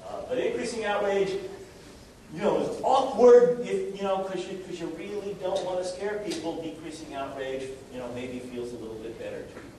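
A man lectures to a roomful of listeners in a wry, chatty way, full of fillers and restarts. His voice sits a bit high and reaches a distant mic through a very echoey room. A steady hiss of noise runs underneath. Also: moderate pace. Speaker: lecturer on risk communication. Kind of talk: live lecture to an audience.

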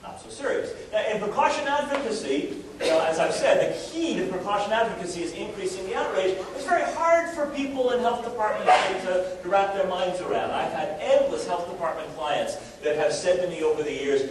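Speaking fairly quickly and barely pausing, a high-voiced man lectures a live audience on risk communication. He's wry and conversational, often using fillers and starting phrases over. The recording is very echoey and distant, with steady noise underneath.

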